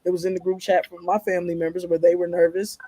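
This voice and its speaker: A parent on a podcast panel speaking earnestly and haltingly, with frequent fillers. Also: medium pitch, flat delivery, warm tone, dry recording.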